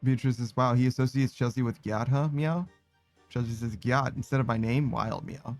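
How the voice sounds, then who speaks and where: A laid-back, tired man live-streams, reading viewer messages aloud and ending nearly all his sentences with "meow," laughing and swearing often. He has a mid-range voice with vocal fry and a steady tone at normal speed. Soft background music accompanies him.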